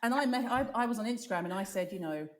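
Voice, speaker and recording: A blunt woman in her fifties chats as a podcast guest, swearing freely and rattling off stories at a fast clip. The recording carries a steady layer of noise and clicks. Her pitch sits in a middle register. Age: 50s. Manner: blunt, sweary, animated storyteller. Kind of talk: casual chat.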